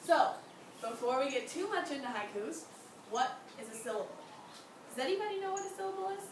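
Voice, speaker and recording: Expressive and a little fast, a young woman with a high voice teaches a class, asking her students plenty of questions and cheering them on. It's recorded from far off in an echoey room with background noise.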